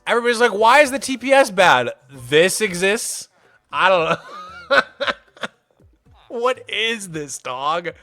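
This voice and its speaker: A man's voice: sits high, big pitch swings, measured pace, long pauses, faint music behind. A man streaming a game live, chatting casually and playfully with viewers, laughing often and greeting newcomers by name. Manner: soft baby talk to his cat. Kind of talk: casual livestream chat.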